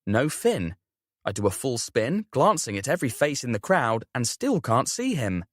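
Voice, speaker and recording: A young man narrating a first-person audiobook with expressive storytelling. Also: medium pitch, moderate pace, dry recording, studio quality. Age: young adult.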